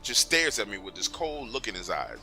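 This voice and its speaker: A man narrating a true story in the first person, in a conversational, animated way. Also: fairly low pitch, fairly quick, faint music behind.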